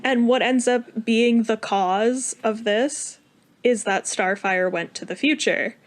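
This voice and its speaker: A woman co-hosting a casual podcast, retelling a cartoon episode with lively put-on voices and frequent laughs. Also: fairly high pitch, takes it slowly. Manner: animated retelling, acts out characters, laughs often. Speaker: podcast co-host.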